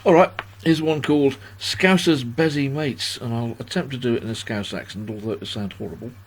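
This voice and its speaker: A man's voice: medium pitch, brisk. A man in his sixties hosting a livestream party from home, chatting in a rambling, self-deprecating way as he reads out viewers' comments. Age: 60s. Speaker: host of a livestream birthday party. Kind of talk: casual chat.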